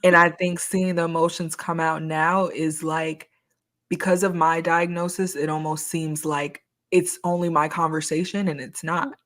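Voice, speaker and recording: A young adult woman co-hosting a podcast speaks at a normal speed in a low-pitched voice. Her talk is a casual, candid chat, frank and slangy, with animated storytelling.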